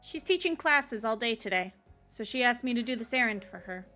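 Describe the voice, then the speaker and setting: A woman's voice: on the high side, expressive, a little fast, bright, forceful tone, faint music behind. A woman reading the lines of a new assistant lecturer aloud from a game, in her own voice. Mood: matter-of-fact.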